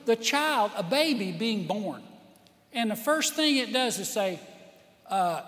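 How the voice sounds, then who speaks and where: Lively preaching man, slow and echoing. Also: extremely high pitch. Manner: lively, with acted-out quotes and small laughs. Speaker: pastor. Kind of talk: sermon.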